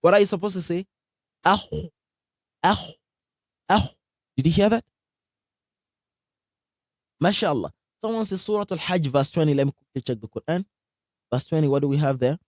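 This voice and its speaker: A man teaching Quran recitation in a live online lesson, energetic, asking the class questions and repeating sounds to demonstrate them. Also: fairly high pitch, a little fast, long pauses, dry recording, studio quality.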